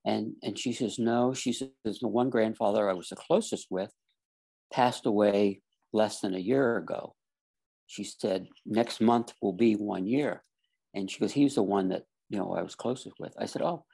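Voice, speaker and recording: With a fairly low, creaky, warm, and slightly rough voice, a man from Florida talks at normal speed. He's earnestly recounting a personal story in casual conversation, performing the quoted dialogue of the other people involved.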